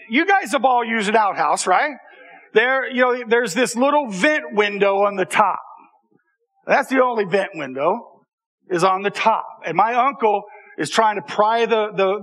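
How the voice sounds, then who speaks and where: Telling an audience a personal story, this man has a high, bright voice. He sounds animated and conversational, repeatedly restarting and addressing listeners in asides.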